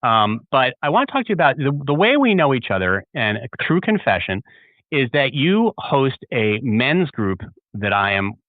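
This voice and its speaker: A man's voice: mid-range voice, big pitch swings, moderate pace, dry recording. A man hosting a talk show, asking questions in an easygoing way and reacting with short interjections. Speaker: podcast host. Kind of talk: casual interview chat. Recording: thin phone-like sound.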